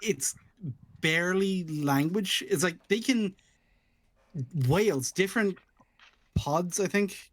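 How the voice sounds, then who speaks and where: A man co-hosting a podcast in casual chat, explaining things in a measured way. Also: high voice, no echo. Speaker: podcast co-host.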